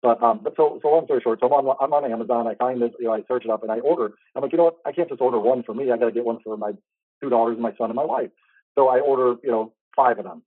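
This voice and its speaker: A man's voice: medium pitch, very fast, dry recording. A man hosting an interview, telling a personal faith story in an earnest, rambling way. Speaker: host. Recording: tinny phone-like line, dry.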